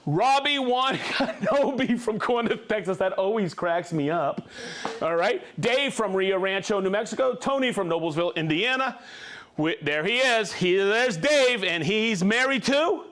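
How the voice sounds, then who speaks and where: Lively, upbeat male live-show host. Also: sits high, normal speed. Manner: upbeat, reads viewer shout-outs, laughs often. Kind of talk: casual live-stream chat.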